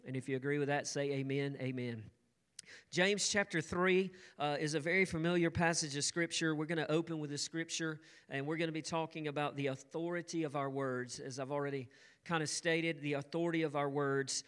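An earnest pastor preaches in measured, repeating phrases, leading a prayer before teaching from scripture. His voice is smooth and resonant, sitting a little high for a man. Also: steady tone, fairly bright tone. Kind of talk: sermon with opening prayer. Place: church service streamed online.

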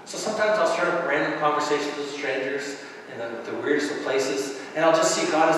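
Maritimes pastor guy preaching, lively and jokey, kinda high voice, big echoey church, mic far off. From Canadian Maritimes. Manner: animated, acts out voices and laughs often. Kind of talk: sermon. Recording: echoey hall, speaker far from the mic, faint noise.

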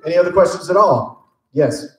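A man's voice: sits high, fairly quick. A man in his fifties from Texas, telling stories and joking as a voice actor answering questions at a convention panel. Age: 50s. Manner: animated joking storyteller. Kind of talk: casual convention Q&A. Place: large convention panel room. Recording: echoey convention hall.

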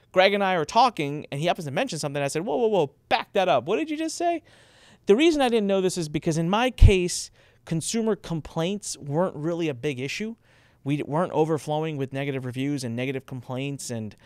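A channel host explains marketing compliance rules in a casual talk to camera, his voice clear and resonant on a dry recording. He's emphatic throughout and acts out quoted speakers by raising his pitch.

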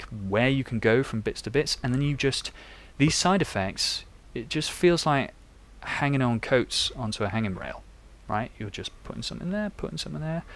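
A man's voice: medium pitch, fairly bright tone. A young man chatting and thinking aloud while he codes live on stream. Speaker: developer live-coding on stream. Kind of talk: live coding tutorial.

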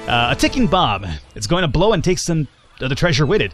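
Male gaming host, chatty and playful, talks over faint game music, mid-pitched voice. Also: sing-song, brisk, a bit bright. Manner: jokey, chatty, reads game text aloud. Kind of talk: casual let's-play commentary.

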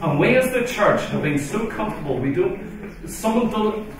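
A man's voice: sits high, lively intonation, moderate pace, a little hiss or hum. A middle-aged man preaching a conference sermon with emphatic, intense urgency in a large church hall. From Ireland. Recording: echoey hall recording from far off.

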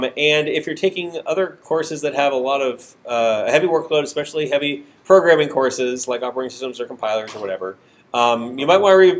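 Nasal man lecturing a programming class. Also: medium pitch. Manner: filler-heavy, self-deprecating, restarts often. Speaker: university programming instructor. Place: classroom with hard walls.

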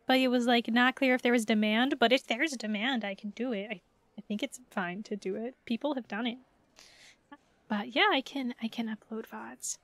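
Giggly high-voiced woman streamer. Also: no echo. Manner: giggly, rambling, playful. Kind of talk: casual live-stream chat.

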